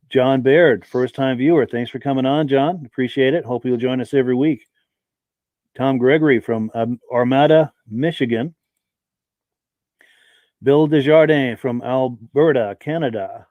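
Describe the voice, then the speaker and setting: A man's voice: medium pitch, no echo, phone-quality sound. A man hosting a live-stream podcast who chats in a friendly way and welcomes viewers by name. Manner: reads viewer names aloud, friendly and welcoming. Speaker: podcast host.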